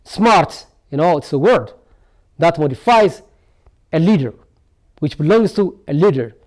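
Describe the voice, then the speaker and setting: A man's voice: on the high side, expressive, normal speed, darkish tone. A man teaching an English lesson, drilling each word over and over and asking rhetorical "what?" questions. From Ethiopia. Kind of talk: televised classroom lesson.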